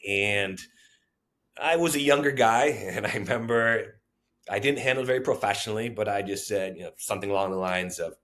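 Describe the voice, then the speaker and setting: Deep-voiced man telling a story. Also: brisk. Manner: animated, acts out quoted voices. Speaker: former child welfare social worker. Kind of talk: storytelling interview.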